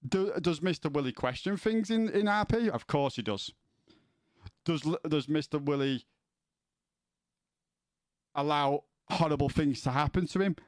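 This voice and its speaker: A man's voice: a little high, unhurried, long pauses, no room sound, studio quality. A man streaming from home, chatting casually with his viewers, rambling and swearing, often stumbling as he starts a sentence. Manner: sweary, rambling, repeats words when starting.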